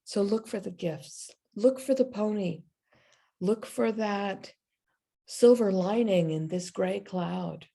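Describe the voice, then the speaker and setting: A woman minister giving a sermon, telling a story and then leading a slow, meditative prayer. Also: medium pitch, gravelly, warm tone.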